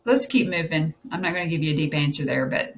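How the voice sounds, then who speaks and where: A woman's voice: deep voice, animated, quick pace, gravelly, a little hiss or hum. A woman tutoring test prep, thinking aloud as she explains answers and checking in with "okay?".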